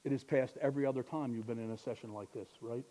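A young man preaching a sermon, building to loud, impassioned exhortation. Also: mid-range voice, fairly even intonation, quick pace.

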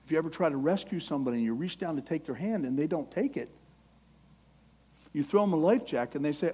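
A man preaching a sermon with passion, quoting scripture and acting out prayers, his voice rising when he gets excited. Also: fairly high pitch, fast talker, breathy edge. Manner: impassioned, quotes scripture, acts out prayers.

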